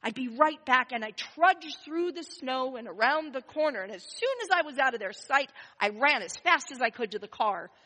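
A woman telling a first-person story, expressive and swinging between loud and hushed. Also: high voice, normal speed, few pauses, long reverb tail, low-quality recording.

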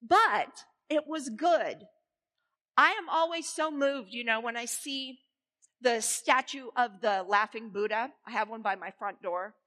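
A woman minister giving a sermon in a church, playful and animated as she leads the congregation. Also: on the high side, unhurried. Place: church sanctuary. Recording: reverberant church hall.

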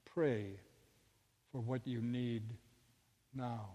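A man voicing a calm, strong inner divine voice that speaks low, hushed and slow. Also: long reverb tail.

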